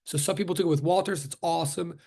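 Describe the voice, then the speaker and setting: A man's voice: fairly high pitch, steady tone, fast, creaky, a little mellow. A middle-aged man from Brooklyn teaching physics over a video call, rambling, joking and interrupting himself as he reads the chat. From Brooklyn, New York. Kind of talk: casual class introduction on a video call.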